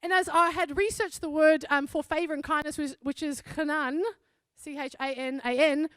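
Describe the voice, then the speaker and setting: A woman's voice: sits high, fairly even intonation, moderate pace, fairly bright tone, no room sound. A woman pastor from South Africa giving a sermon, telling a personal story in an earnest, conversational way.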